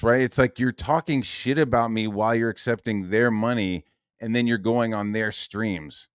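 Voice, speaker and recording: A man's voice: medium pitch, steady tone, normal speed, clear, resonant tone, dry recording, studio quality. A man streaming an angry, profane rant, constantly checking in with "right?" and "dude". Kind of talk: angry ranting stream monologue.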